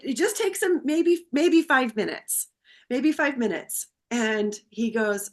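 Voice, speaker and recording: A woman guest on a podcast, telling a personal story in a heartfelt, animated way. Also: on the high side, takes it slowly.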